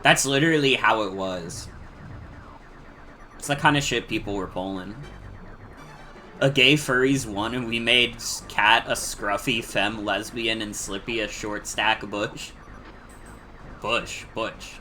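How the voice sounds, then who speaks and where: A man's voice: on the low side, takes it slowly, pauses often, bright, forceful tone, a little hiss or hum. A man streaming a retro game, chatting casually with lots of filler words and cursing. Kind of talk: casual gameplay commentary.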